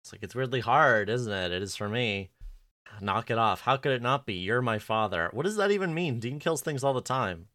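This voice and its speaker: Blunt bright-voiced man co-host. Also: medium pitch, expressive, fairly quick, no room sound. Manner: dry, blunt, acts out characters' lines. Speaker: podcast co-host. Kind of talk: casual recap chat.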